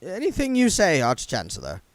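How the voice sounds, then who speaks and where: A man's voice: on the high side, wildly swooping pitch, moderate pace, no echo, pitched above the performer's own voice. A man reading aloud and voicing a nervous wizard bursar who stammers and repeats himself in a panic. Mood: jittery. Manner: stuttering, panicky.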